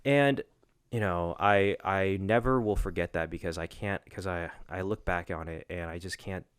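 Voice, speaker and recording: A young man co-hosting a podcast, telling a personal story in a casual, halting way with many restarts. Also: low-pitched, smooth, no echo, studio quality. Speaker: podcast co-host. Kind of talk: casual chat.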